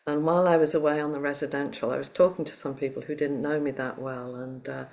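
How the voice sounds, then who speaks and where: Woman, dharma talk, from Liverpool, no local accent, reflective, gentle, pausing. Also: low-pitched, steady tone, vocal fry. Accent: none, not Liverpool; Southern English. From Liverpool, England. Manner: reflective, gentle, with pauses and fillers. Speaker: Zen teacher giving a dharma talk.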